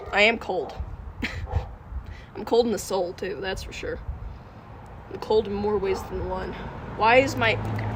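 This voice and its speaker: A woman hosting a casual livestream, chatting to viewers in a giggly, rambling way. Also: medium pitch. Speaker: livestream host. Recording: noisy livestream audio with outdoor noise. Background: wind and passing cars.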